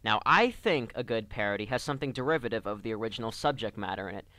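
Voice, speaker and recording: A man's voice: fairly low pitch, lively intonation, quick pace, bright, forceful tone, no room sound. A man delivering a scripted comedic review rant as an online reviewer, sarcastic and exasperated.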